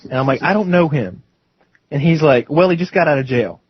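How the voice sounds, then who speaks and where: A man's voice: on the high side, brisk, husky, no room sound, highs cut off. A young man co-hosting a podcast, telling a long rambling story with bursts of laughter. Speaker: podcast co-host. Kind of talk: casual storytelling.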